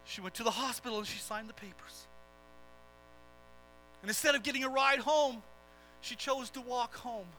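A preacher with a strikingly high, bright voice tells a dramatic sermon story. He drives it with impassioned, swelling emphasis, and soft music plays faintly underneath. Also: normal speed, long pauses, low-quality recording.

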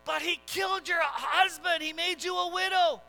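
A man's voice: sits high, bright, forceful tone, faint music behind, voice pushed down, rough recording. A man playing a blunt, matter-of-fact police officer who stammers and repeats himself. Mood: shocked. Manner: plain, brisk, stammering.

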